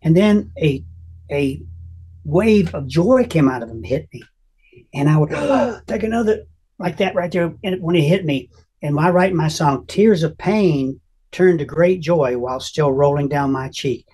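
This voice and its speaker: An older man telling an emotional personal testimony as an interview guest, earnest and halting, often restarting his sentences. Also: on the high side, warm tone, slightly rough.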